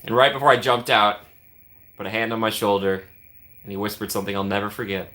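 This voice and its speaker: A man's voice: fairly low pitch, flat delivery, quick pace, bright, forceful tone. A man hosting a casual livestream, rambling and chatty, laughing often and thanking viewers by name. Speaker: livestream host.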